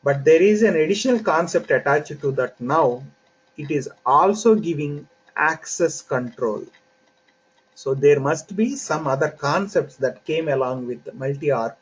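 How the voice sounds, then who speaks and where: A man teaching an online software training class, explaining concepts step by step in an unhurried way with frequent fillers. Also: fairly high pitch, animated, breathy edge. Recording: dull lo-fi audio with faint hiss.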